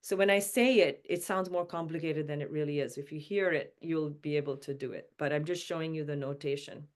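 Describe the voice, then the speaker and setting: A woman teaching mantra pronunciation and pitch notes, explaining patiently and then chanting each line slowly. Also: steady tone.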